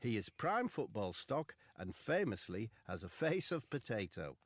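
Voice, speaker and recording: Man doing a flat little robot. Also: on the low side, dry recording. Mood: deadpan. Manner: slow, flat, mechanical.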